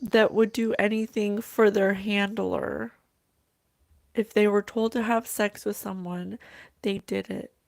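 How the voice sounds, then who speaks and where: Psychic host, woman. Slow and halting, relays messages from spirit, vocal fry, dry close sound. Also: mid-range voice, flat delivery, darkish tone, dry recording. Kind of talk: thinking-aloud channeled reading.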